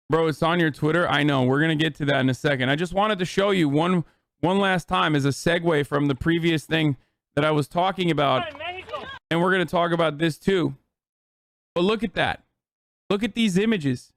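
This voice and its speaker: A man's voice: sits high, fairly bright tone, no room sound, clean studio sound. A man streaming political commentary, ranting to his live chat in a heated, profane way.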